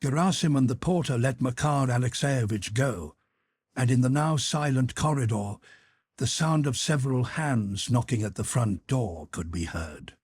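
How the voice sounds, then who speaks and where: A man reading a classic novel aloud as an audiobook narrator, expressive and dramatic. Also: mid-range voice, normal speed, slightly rough, no echo. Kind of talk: scripted narration.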